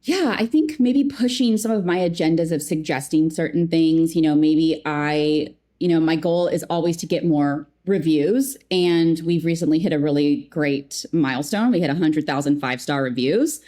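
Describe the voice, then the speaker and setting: Lower-pitched chatty woman guest. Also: normal speed, hardly any pauses. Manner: chatty, animated, acts out quotes, lots of "like". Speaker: customer experience leader, podcast guest. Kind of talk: casual interview chat.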